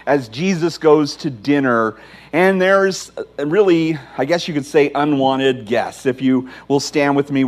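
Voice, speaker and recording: Man, 40s, pastor, sermon, humorous storytelling, slightly high voice.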